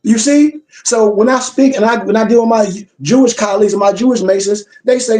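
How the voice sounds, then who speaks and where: A man's voice: high-pitched, a little fast, hardly any pauses, darkish tone, soft background music. A man lecturing his class as a minister, emphatic and preacherly, repeating his points for weight.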